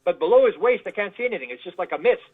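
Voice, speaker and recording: A man's voice: sits high, lively intonation, racing, voice pushed up. A man acting a frightened ex-preacher, tinny line. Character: terrified former preacher man meeting the devil.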